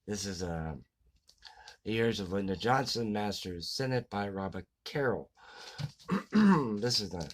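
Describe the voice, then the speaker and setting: A man giving a casual book review, halting with many fillers and restarts. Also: on the low side, lively intonation, low-quality recording. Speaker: book vlogger.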